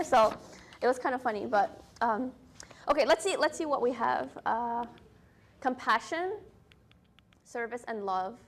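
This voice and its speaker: A woman's voice: sits high, expressive, fast. A young adult woman teaching an Islamic studies class in a casual, storytelling way, often asking "right?" and using many fillers.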